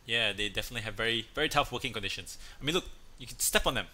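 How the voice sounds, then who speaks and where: A man's voice: mid-range voice, very fast, sharp tone. A man hosting a casual chat show, talking in a playful, chatty way and acting out voices as he tells jokes. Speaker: host. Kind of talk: casual chat, telling a joke.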